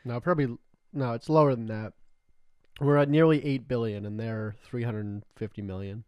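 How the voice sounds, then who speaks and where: A man's voice: mid-range voice, fairly even intonation, moderate pace, clean tone, dry recording, highs cut off. A young man from Canada co-hosting a podcast, telling meandering stories full of "like" and cheerful swearing. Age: young adult. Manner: rambling storyteller, heavy filler "like", joking and swearing. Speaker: podcast co-host. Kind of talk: casual chat.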